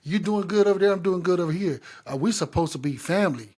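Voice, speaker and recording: A man co-hosting a podcast in casual chat, telling stories in an animated, slangy, profane way. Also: sits high, fast. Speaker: podcast co-host.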